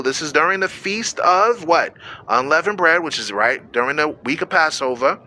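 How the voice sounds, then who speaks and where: A man's voice: fairly high pitch, animated, normal speed, sharp tone, a little hiss or hum. A man preaching on a radio show, reading scripture and explaining it in a casual, slangy way, acting out quoted voices and speaking straight to his listeners.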